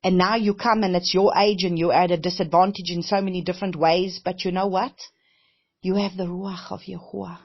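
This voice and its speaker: A woman's voice: on the low side, level tone, moderate pace, pauses often, husky. A woman minister giving a heartfelt, conversational testimony-style sermon, often repeating phrases and saying "you know". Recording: dull lo-fi recording.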